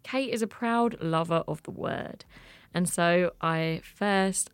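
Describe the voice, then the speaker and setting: A woman hosting a podcast, narrating a scripted intro and interviewing a guest in an expressive, playful way. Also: fairly low pitch, takes it slowly, clean tone. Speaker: podcast host.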